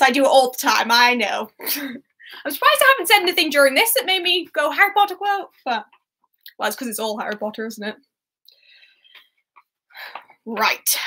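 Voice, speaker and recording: Young woman running a quiz, high bright voice, chatty, laughs a lot. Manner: chatty, giggly, reads scores aloud. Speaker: quiz host. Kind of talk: hosting an online quiz.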